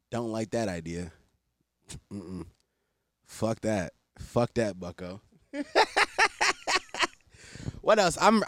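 A man's voice: lowish voice, no room sound, studio quality. A young man hosting a solo podcast, rambling casually with lots of swearing and self-deprecating asides. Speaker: podcast host.

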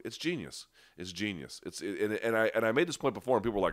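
Low-voiced man hosting a casual live chat. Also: animated, fast, hardly any pauses, a bit bright, no room sound, clean studio sound. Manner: conversational, frequent restarts and fillers, emphatic asides. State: stuffy nose. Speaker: livestream host. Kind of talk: casual live chat answering viewer questions.

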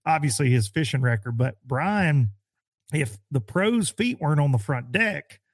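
Animated man telling fishing stories. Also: unhurried, dry recording, studio quality. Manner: animated storyteller, acts out quotes in a high voice. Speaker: pro bass angler. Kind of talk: casual podcast chat.

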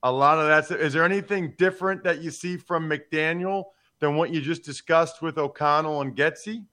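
A man's voice: a little high, moderate pace, bright, forceful tone. A man hosting a casual sports talk, asking questions in a conversational way. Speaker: podcast host.

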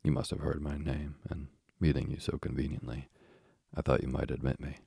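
A man voicing an older gentleman lawyer in an audiobook, formal and courteous, in a husky, whispery voice. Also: a bass voice, little pitch movement, a little fast, no echo, clean studio sound, heavily acted. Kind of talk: audiobook character reading.

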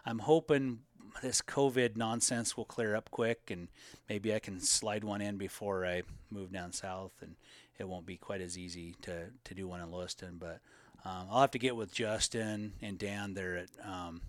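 Co-hosting a casual live question-and-answer session on elk hunting, a man speaks in a lowish voice at a moderate pace. He's relaxed and rambling, full of fillers, and the audio carries no echo.

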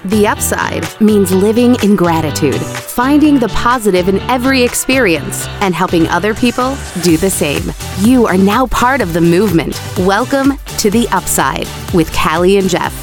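A woman reading a scripted show introduction in a smooth, upbeat way. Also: medium pitch, expressive, moderate pace, hardly any pauses. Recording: voice over music bed.

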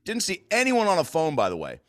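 An American man in his thirties, rambling in a profane, animated way through a casual podcast chat. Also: high-pitched, a little fast, dry recording, clean studio sound. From United States.

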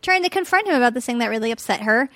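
A woman guest chimes in on a casual podcast, her voice a little high and her phrasing halting and indignant. The recording is dry and close. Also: lively intonation, a bit bright, no room sound. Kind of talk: casual chat.

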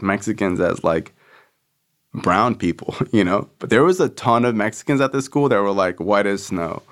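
Candid man with a low voice. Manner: loose and candid, heavy on "like" fillers and swearing. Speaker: podcast host. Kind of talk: casual personal storytelling.

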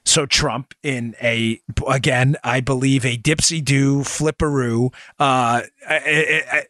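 This podcast host, a middle-aged man from New York, talks politics with emphasis, peppering "folks" with rhetorical questions. His voice sits mid-range with fairly even intonation, a slow pace and a fairly bright tone, captured in studio quality with no echo.

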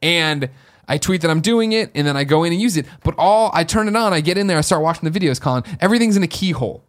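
A young adult man co-hosting a podcast, telling a story in excitable, animated casual chat. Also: fairly high pitch, fast talker. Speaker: podcast co-host.

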